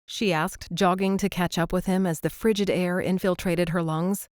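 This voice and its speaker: A woman narrating a romance audiobook, smooth and gently expressive. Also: lowish voice, normal speed, few pauses, no room sound, clean studio sound.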